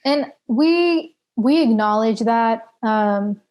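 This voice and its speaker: A woman's voice: fairly high pitch, animated, slow pace, a little mellow. A woman being interviewed about her work at a nonprofit, explaining things earnestly and casually, with fillers. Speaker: interview guest, nonprofit advocate.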